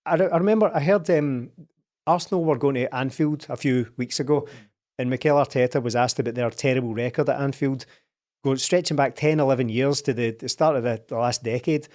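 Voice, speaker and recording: A man's voice: medium pitch, brisk, darkish tone. Wry man in football chat. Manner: wry, incredulous storytelling. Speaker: podcast co-host.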